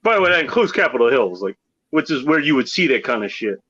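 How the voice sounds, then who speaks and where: A man's voice: medium pitch, big pitch swings, fast talker, sharp tone. A man hosting a casual livestream, rambling and profane as he talks with a caller and his chat. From Pacific Northwest of the US. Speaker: livestream host. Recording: dull lo-fi stream audio.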